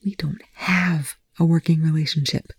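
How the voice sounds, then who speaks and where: A narrator voicing a sarcastic, grumbling man held captive, who talks low and wry, in an audiobook reading. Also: moderate pace, mellow, no echo, lightly acted. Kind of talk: audiobook reading of fan fiction.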